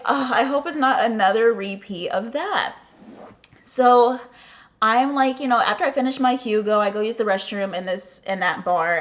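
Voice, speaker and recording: An American woman with a mid-range voice, chatting through a storytime vlog. She talks loosely and profanely, leaning on fillers as she tells it. Her retellings stay lively throughout. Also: mid-range voice. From United States. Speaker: vlogger. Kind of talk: casual storytime.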